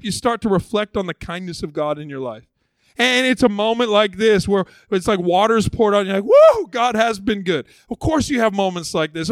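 Lively pastor with a higher male voice. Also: no room sound. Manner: lively, conversational, repeats words when building a point. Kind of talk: sermon.

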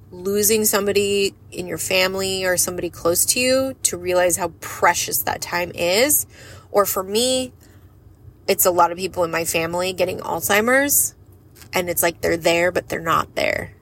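A woman's voice: lowish voice, fairly bright tone, a little hiss or hum. A woman talking candidly in a personal vlog, frank and emotional, rambling and swearing casually. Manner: emotional and earnest. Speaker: lash business owner and vlogger.

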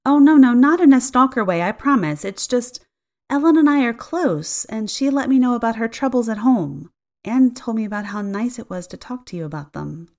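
A woman's voice: on the high side, moderate pace, pitched above the performer's own voice. A woman voicing a steely, composed wife who speaks firmly and evenly. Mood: earnest. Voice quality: firm, even, cutting.

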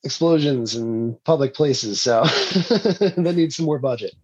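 A man's voice: medium pitch, lively intonation, takes it slowly, breathy edge, highs cut off. A man, an indie filmmaker, telling rambling stories in a casual interview and laughing often.

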